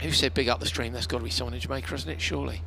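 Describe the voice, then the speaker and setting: A male rallycross commentator, hoarse and tired, chatting warmly and emotionally on a live broadcast. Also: medium pitch, steady tone, very fast, a little hiss or hum. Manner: chatty, emotional, laughs often. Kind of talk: casual live broadcast chat.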